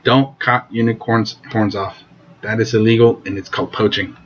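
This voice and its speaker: A man's voice: lowish voice, steady tone, normal speed, lo-fi sound, slight background noise. A man casually interviewing a friend in character, goofy, teasing and rambling. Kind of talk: casual improv chat.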